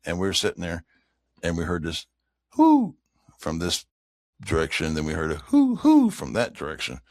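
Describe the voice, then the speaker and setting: A man's voice: rumbling low, fairly even intonation, brisk, no echo, studio quality. A man, a guest on an interview with his grown son, telling a rambling story and imitating animal calls. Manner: rambling, imitates owl hoots in stories. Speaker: guest, father of co-guest.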